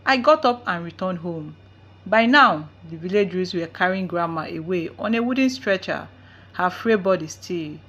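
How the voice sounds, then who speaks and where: A woman's voice: lowish voice, expressive, normal speed, a bit bright, dull audio. A woman narrating a folktale in the first person, reading with drama. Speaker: storyteller.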